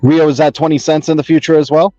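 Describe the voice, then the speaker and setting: A fast-talking man with a slightly high, dark, flat-sounding voice hosts a casual crypto livestream from his Los Angeles home, rambling upbeat and greeting viewers by name. He uses an external mic plugged into a phone. The stream is dull and lo-fi, with music and no room sound.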